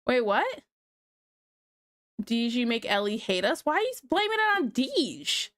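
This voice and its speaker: Woman, livestreamer, casual chat with viewers, slightly high voice, dry close sound. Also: big pitch swings, a little slow, a bit bright, dry recording. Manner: chatty and scattered, with frequent laughs.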